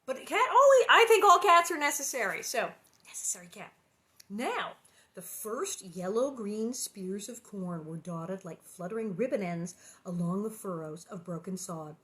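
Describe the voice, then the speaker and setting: A woman's voice: mid-range voice, lively intonation, moderate pace, pushed and bright. Bubbly woman reading a storybook aloud. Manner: gushing, giggly, enthusiastic. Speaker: actress reading a children's book. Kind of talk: storybook reading with chatty asides.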